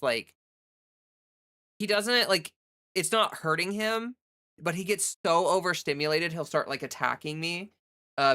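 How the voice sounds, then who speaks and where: Bright-voiced chatty woman livestreamer. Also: low-pitched. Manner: chatty, heavy on "like" fillers, reads and answers chat. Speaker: livestream host. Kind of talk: casual livestream chat.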